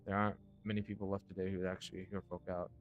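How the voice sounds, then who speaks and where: A desperate, paranoid father, voiced by a man, halting and stammering as he talks. His voice sits low and quiet, with faint game music behind him. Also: level tone, dull audio, lightly acted. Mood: anxious.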